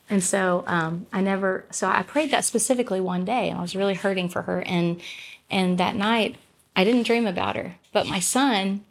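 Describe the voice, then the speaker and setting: A woman's voice: mid-range voice, creaky. A middle-aged woman, a gospel singer guesting on a podcast, telling a personal story in an earnest, rambling way with many restarts. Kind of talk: casual storytelling in conversation.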